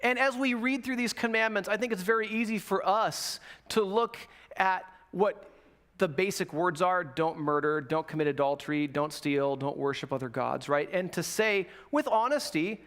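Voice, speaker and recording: A man preaching a sermon, opening with a slow, soft prayer and then telling stories with lively quoted voices. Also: high-pitched. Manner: animated storytelling with quoted voices. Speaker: guest preacher.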